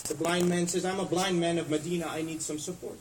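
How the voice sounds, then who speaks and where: A man giving a sermon, telling stories and acting out the people in them with lively shifts of voice. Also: fast talker, noisy background. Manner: storytelling lecture, acting out quoted speakers with rising and falling pitch. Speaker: speaker at a religious center. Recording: echoey hall, voice from far off.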